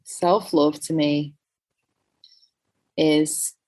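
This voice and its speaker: A woman who is a guest coach on a podcast, speaking in a reflective, warm-hearted, encouraging way. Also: low-pitched, level tone, very slow. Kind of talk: casual interview chat.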